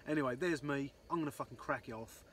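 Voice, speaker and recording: A man's voice: mid-range voice, fast talker, a bit bright, a little hiss or hum. A man telling a rambling fishing story, swearing constantly and saying "um, so anyway" a lot. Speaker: angler vlogger. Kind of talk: casual storytelling.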